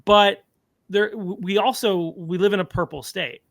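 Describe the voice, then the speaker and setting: A man's voice: high voice, steady tone, moderate pace, vocal fry, a bit bright, no room sound, clean studio sound. A man hosting a podcast, interviewing in a casual, rambling way with many fillers and restarts. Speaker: podcast host.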